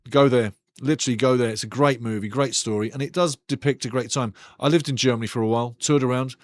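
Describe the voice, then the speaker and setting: Recorded dry, a man with a mid-range voice hosts a live football watch-along. He calls the game as it happens and talks loosely with viewers, rambling and joking around with the chat in casual commentary.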